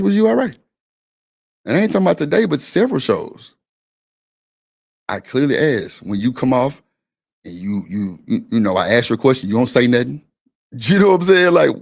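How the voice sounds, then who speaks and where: Guy with a gravelly voice going off on a stream, blunt and repetitive, cussing a lot. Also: medium pitch, a little mellow. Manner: blunt, insistent, repeats himself, swears freely. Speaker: stream panel host. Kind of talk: heated argument on a live stream.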